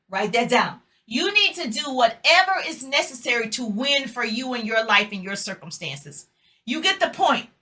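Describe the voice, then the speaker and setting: A woman's voice: high voice, bright, forceful tone. A middle-aged woman giving an emphatic motivational talk, leading her audience in repeated call-and-response affirmations. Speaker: motivational speaker.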